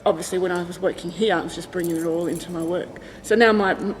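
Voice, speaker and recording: A woman's voice: lowish voice, fairly even intonation, fast, big-room sound. A woman, a graffiti artist and art teacher, chatting casually in an interview, rambling and laughing often. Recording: noisy on-location recording.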